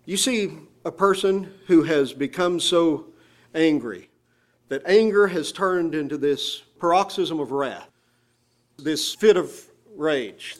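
A man preaching a sermon in church, emphatic, drawing out key phrases slowly. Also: sits high. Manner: emphatic, slows down on scripture phrases.

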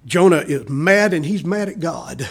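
A middle-aged man preaching a sermon, animated, acting out the people he quotes. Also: unhurried, vocal fry, slightly rough. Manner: animated preaching, voicing quoted people with rises in pitch and volume. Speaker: pastor.

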